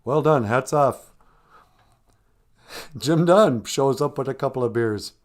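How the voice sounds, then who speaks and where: A man's voice: mid-range voice, slow pace. A man hosting a livestream, joking and teasing in an ironic, chuckling way. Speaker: host of a language livestream.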